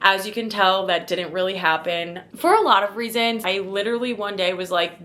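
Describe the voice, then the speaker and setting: A woman's voice: mid-range voice, moderate pace, hardly any pauses, fairly bright tone. Chatty young woman vlogging. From St. Louis, Missouri. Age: 20s. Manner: chatty, full of "like", calls viewers "guys" and "y'all". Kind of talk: casual chat to camera.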